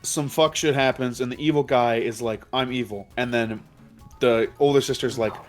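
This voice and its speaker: A man's voice: medium pitch, steady tone, normal speed, faint music behind. A man hosting a let's play commentary, recapping a plot in a rambling, profane way with his friends. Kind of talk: casual game commentary with friends.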